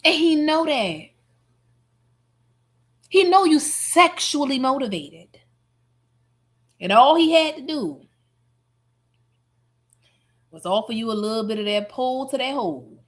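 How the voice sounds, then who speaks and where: A woman streamer giving sassy, mocking reaction commentary, heavy on slang and loud laughter. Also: high-pitched, sing-song, slow pace, long pauses.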